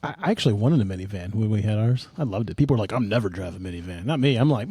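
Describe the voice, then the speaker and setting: A man's voice: lowish voice, lively intonation, rapid-fire, hardly any pauses, warm tone, breathy edge, no room sound, studio quality. A middle-aged man hosting a podcast, telling a rambling, self-mocking story in casual chat. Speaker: podcast host.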